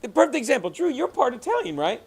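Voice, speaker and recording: Podcast host guy, high voice, bouncy and animated, telling jokes. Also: fast, creaky, husky. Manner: animated, laughing, retells jokes. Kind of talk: casual chat.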